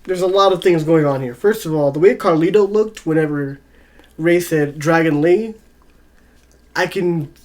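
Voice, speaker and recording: A man's voice: fairly high pitch, normal speed, darkish tone. A man co-hosting a podcast in casual chat, laying out his predictions and hedging with "I think". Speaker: podcast co-host.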